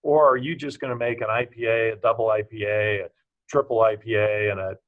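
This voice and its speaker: A man's voice: lowish voice, flat delivery, fairly quick. Blunt male brewer with a dull, muffled sound. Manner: blunt, plain-spoken, dry humor. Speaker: brewery founder, interview guest. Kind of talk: casual interview answers.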